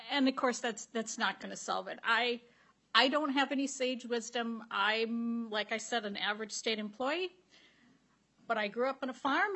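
Woman with a fairly high voice, a state employee giving emphatic, plain-spoken testimony. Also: moderate pace, sharp tone, low-quality recording. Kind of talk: testimony at a hearing.

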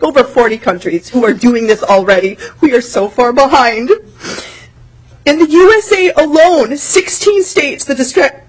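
A high-voiced woman speaks at a committee hearing, tearful and pleading. Her voice keeps breaking, yet she presses her points with earnest repetition. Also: poor audio. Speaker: testifier at a legislative committee hearing. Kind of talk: emotional public testimony. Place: legislative hearing room.

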